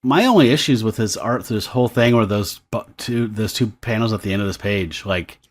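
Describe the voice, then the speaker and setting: A man's voice: fairly low pitch, fairly quick. Chuckling man on a comics podcast. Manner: laughs often, reads panel dialogue aloud. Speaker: podcast co-host. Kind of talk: casual comic review chat.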